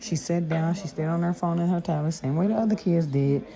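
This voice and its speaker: Woman, casual vlogger, deep voice, lively gossip retelling, chatter in the background. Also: a little fast. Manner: animated, gossipy retelling with quoted dialogue. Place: her home. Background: smooth jazz and background voices.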